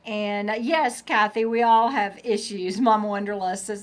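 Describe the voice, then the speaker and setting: A woman's voice: mid-range voice, moderate pace. A middle-aged woman chatting casually on a live stream, rambling and breaking off to talk to her dog. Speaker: vlogger reading live chat.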